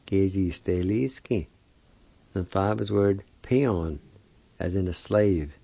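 A man's voice: sits low, unhurried, gravelly, warm tone, no room sound, dull audio. A man teaching a weekly language lesson, spelling and pronouncing words carefully syllable by syllable.

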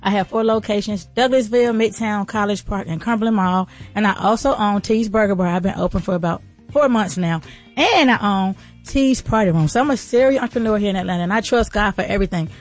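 Fast-talking woman giving fervent pep talks. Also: mid-range voice, faint music behind. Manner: fervent, preacher-like encouragement; casual, folksy. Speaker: podcast host and entrepreneur. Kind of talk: motivational faith-based talk.

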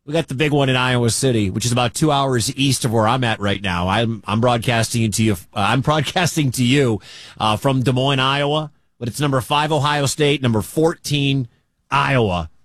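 A medium-pitched man with a fairly bright tone hosts a sports talk radio show, sounding chatty and conversational and tossing in quick asides. He has a Midwestern American accent, and the recording is dry and studio quality.

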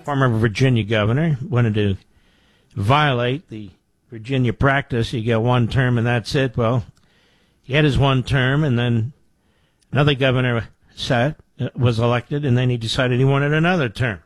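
A man's voice: medium pitch, fairly even intonation, normal speed, no room sound. Sarcastic older man in a dry studio. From Philadelphia area, US. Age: 60s. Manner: sarcastic, mocking asides to his producer. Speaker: talk radio host. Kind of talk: political talk radio monologue.

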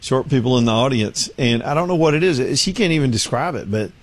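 A man's voice: medium pitch, animated, a little fast, no echo. Man telling stories. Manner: storytelling, acts out voices and laughs often. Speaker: radio show host. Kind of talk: casual chat.

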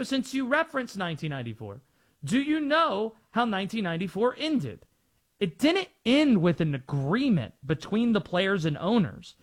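Male sports talk host, high and animated, opinionated. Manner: assertive, opinionated.

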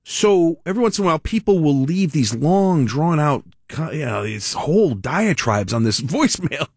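Rambling radio host, dry. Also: male voice, fairly high pitch, sing-song, normal speed, slightly rough, no echo. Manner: rambling, laughing, self-interrupting. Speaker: radio talk show host. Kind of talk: casual on-air talk.

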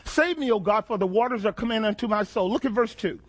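High-voiced preacher with drawl. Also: male voice, fast talker. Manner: preaching with call-and-response questions and dramatic repetition. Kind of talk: sermon.

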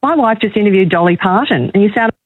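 Lady in her 60s calling in, tinny phone line, bit husky, gets emotional telling her story. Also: mid-range voice, lively intonation, quick pace, no echo. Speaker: caller, magazine journalist. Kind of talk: radio call-in chat.

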